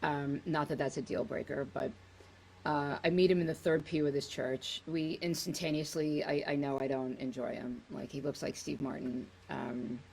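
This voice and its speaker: A woman's voice: low voice, fairly even intonation, normal speed, vocal fry, darkish tone, a little hiss or hum, poor audio. A woman in her forties, a podcast guest, telling blunt, chatty, self-deprecating stories. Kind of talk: casual comedic storytelling.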